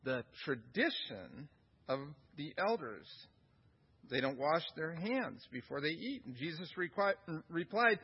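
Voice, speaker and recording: A high, husky-voiced man delivers a sermon from the pulpit. He is earnest and stacks repeated words to drive points home. The recording sounds dull and lo-fi. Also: very animated, measured pace. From United States. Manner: earnest, repeats phrases for emphasis. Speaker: pastor.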